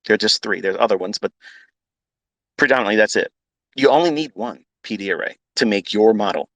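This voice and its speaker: A man's voice: fairly low pitch, expressive, fairly quick, a bit bright, no room sound, poor audio. A man teaching trading as a mentor, ranting bluntly with heavy swearing and repetition. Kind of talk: unscripted profane rant.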